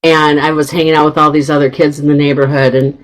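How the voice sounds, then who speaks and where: A woman's voice: deep voice, level tone, quick pace, poor audio. A woman hosting a radio talk show, chatty and bubbly, laughing often as she tells stories. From northern United States. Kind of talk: casual radio chat.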